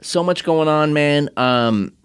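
A man's voice: fairly high pitch, slow pace, smooth. A man hosting a casual podcast interview, speaking in a friendly way with hesitant restarts.

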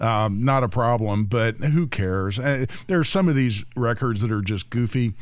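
A man's voice: mid-range voice, normal speed, no room sound. A man filling in as a radio co-host in a studio, talking emphatically with lots of stammered restarts. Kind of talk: casual talk-radio banter.

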